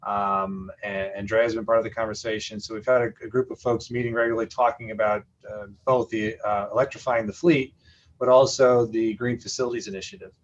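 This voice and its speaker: A county official at a committee meeting introducing a colleague's presentation, speaking haltingly with many fillers and restarts. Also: male voice, fairly low pitch, little pitch movement, muffled recording.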